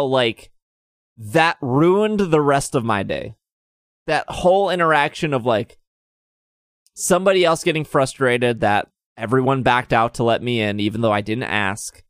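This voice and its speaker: A man's voice: medium pitch, animated, a little slow, a bit bright, no echo, clean studio sound. A man casually telling a story on a podcast, acting out the other people's lines in raised voices. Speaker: podcast co-host.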